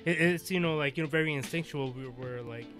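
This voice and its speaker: A man thinking out loud in a casual chat, stumbling through filler words and restarts. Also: a little high, over music. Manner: halting, full of fillers like "you know" and "like".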